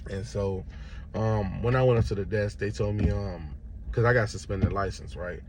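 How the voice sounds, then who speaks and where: A man's voice: fairly low pitch, moderate pace, background noise. A young man from Chicago casually telling a story to his viewers, acting out the people in it. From Chicago, Illinois. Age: young adult. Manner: animated retelling, acts out other voices. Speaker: vlogger.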